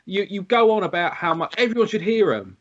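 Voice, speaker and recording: Band guy on a podcast, slightly high voice, wry and chill, dull lo-fi sound. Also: expressive, brisk, a little hiss or hum. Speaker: podcast guest, musician. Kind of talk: casual podcast chat.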